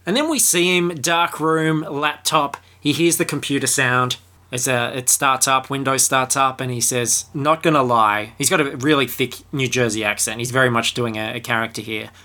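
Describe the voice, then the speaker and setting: A man's voice: mid-range voice, steady tone, moderate pace, sharp tone. A man giving a comedic film review monologue, irreverent, crude and sarcastic.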